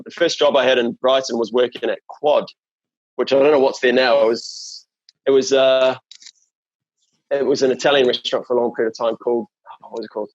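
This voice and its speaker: A New Zealand man with a medium-pitched voice and a matching accent chats casually as an interview guest. He rambles, full of fillers and restarts. The lo-fi recording has no room sound.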